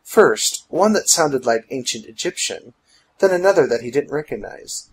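Male audiobook narrator, husky, animated rises and falls. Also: mid-range voice, normal speed, low-quality recording. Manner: dramatic, storytelling.

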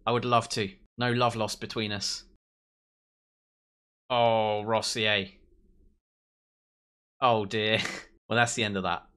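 A young man commentating on his own football management game, excitable, cheering his team and mocking rivals. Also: fairly low pitch, slow, long pauses, smooth. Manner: excitable, swears and mocks players. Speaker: let's play host.

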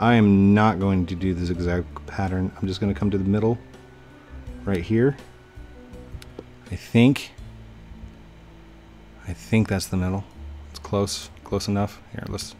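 Young man, low voice, casual game commentary, chatty, excitable, faint music behind. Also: measured pace, long pauses. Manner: chatty, talks to himself, sudden excited outbursts. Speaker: gaming YouTuber.

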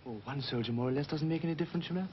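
A man's voice: fairly high pitch, racing, slight background noise. Man, dazed, rambling, shell-shocked soldier, muffled old film soundtrack. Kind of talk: 1930s film acting.

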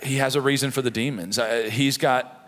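A middle-aged pastor preaching a sermon in a conversational, storytelling way, with frequent "right?" asides. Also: male voice, mid-range voice, steady tone, fairly quick, fairly bright tone. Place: church sanctuary. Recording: long reverb of a church hall.

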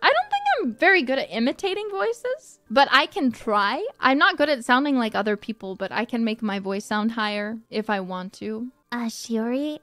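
A woman's voice: a little high, lively intonation, moderate pace, few pauses, fairly bright tone, no echo, faint music behind. A woman streamer in casual chat, rambling, giggling and gushing about her friends, often putting herself down.

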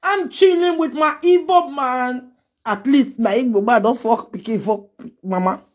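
Husky high-voiced Nigerian woman ranting. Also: unhurried, lo-fi sound. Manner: heated, scolding, trading insults. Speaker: social media personality. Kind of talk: angry response rant.

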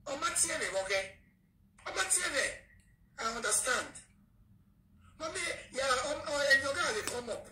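A woman's voice: high voice, lively intonation, normal speed, pauses often, pushed and bright. Ranting Nigerian woman in an echoey clip. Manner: aggrieved, ranting, repeating questions. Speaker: content creator in a played clip. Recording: echoey, distant clip with faint noise.

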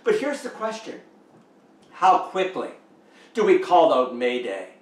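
Slow, animated Canadian preacher in an echoey church. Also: male voice. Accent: Canadian English. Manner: slow, emphatic preaching with rising, lively pitch. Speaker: pastor. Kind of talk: sermon. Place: church sanctuary. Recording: echoey church room, mic at a distance.

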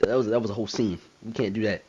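A man's voice: lowish voice, steady tone, racing, dark tone, husky, lo-fi sound. A man voicing a brash, hot-tempered male president in a video game role-play drama, rambling in profane street slang. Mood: worried.

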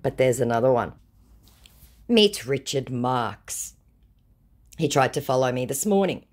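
A woman's voice: a bass voice, animated, unhurried, a little mellow. A woman narrating a scam-baiting session, reading out her chat messages with dry sarcasm. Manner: sardonic, dry.

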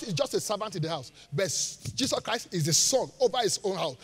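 A high-pitched pastor preaches a lively sermon, his voice swinging up and down as he fires rhetorical questions at the congregation. His tone is bright and cutting, and the live recording carries the long reverb of a large church hall. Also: a little fast, hardly any pauses, slightly rough. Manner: animated preaching, rhetorical questions, laughing asides.

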